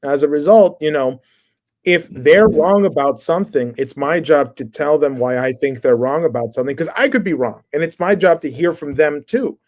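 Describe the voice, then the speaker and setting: A man's voice: on the high side, moderate pace, darkish tone. Earnest man, a candidate explaining. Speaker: congressional candidate guest. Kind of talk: interview answer. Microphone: remote stream call.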